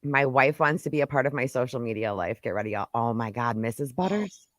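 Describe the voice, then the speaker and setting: A woman's voice: rumbling low, animated, brisk, no room sound, studio quality. A woman hosting a podcast in casual chat, brash and joking, rambling with lots of fillers. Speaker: podcast host.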